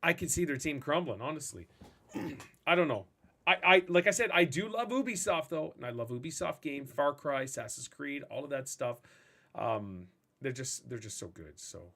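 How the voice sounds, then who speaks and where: A man hosting a casual gaming podcast, ranting in a rambling, animated way. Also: on the high side, normal speed. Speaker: podcast host and streamer.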